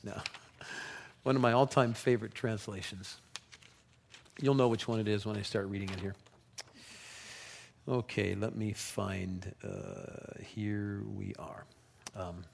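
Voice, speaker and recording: A pastor preaching a sermon, telling the story with animation and reading scripture passages aloud. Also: male voice, on the low side, steady tone, slow pace, gravelly, long pauses, breathy edge.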